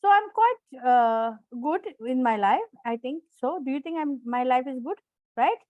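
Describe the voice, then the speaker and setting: A high-voiced woman coach teaches a class over a video call, encouraging her students and repeating her key phrases. She keeps checking in with short questions. The sound is dry and close. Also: lively intonation, normal speed, no echo, narrow, tinny audio. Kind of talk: live online class on self-management.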